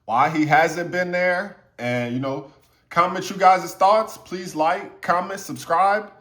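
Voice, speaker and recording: A man's voice: high-pitched, takes it slowly, pushed and bright. A man giving casual, opinionated commentary straight to his viewers, loose and conversational with plenty of fillers. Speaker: YouTube commentator.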